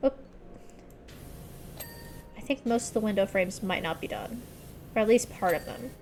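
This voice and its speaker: A woman's voice: medium pitch, normal speed, a little mellow, slight background noise. A young woman streamer chatting casually and self-deprecatingly while playing, muttering at the game.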